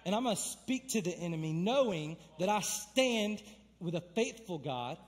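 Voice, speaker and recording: Energetic young male preacher, hall reverb. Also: sits high, moderate pace. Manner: energetic, conversational preaching with emphatic build-ups. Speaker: pastor. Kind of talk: sermon. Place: church sanctuary.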